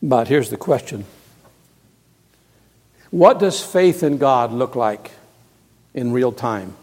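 A male pastor preaching a sermon, moving from hushed, quiet passages to loud, emphatic ones and repeating key words. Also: medium pitch, animated, slow. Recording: long reverb of a large hall.

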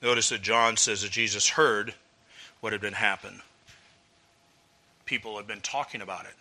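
Male preacher, bright forceful tone, earnest teacher, poses rhetorical questions. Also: lowish voice, fairly even intonation, normal speed. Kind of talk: expository sermon.

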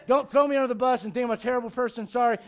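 A man's voice: extremely high pitch, fairly even intonation, very fast. A male preacher delivering a rousing sermon to a congregation, often putting questions to them. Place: church before a congregation.

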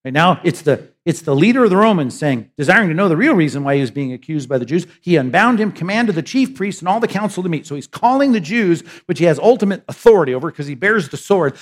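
A middle-aged man preaching to a church congregation, and his voice sits a little higher than most men's. His delivery is lively and conversational, with quick asides, and he slips into the voices of the people in his text. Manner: animated, conversational preaching with frequent "right?" asides; acts out voices of characters in the text. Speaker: pastor. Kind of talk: sermon. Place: church sanctuary.

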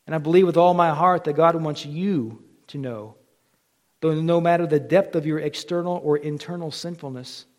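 A male pastor preaching a sermon, moving from quiet, almost whispered lines to loud, fervent appeals. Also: on the high side. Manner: builds from quiet to impassioned near-shouting.

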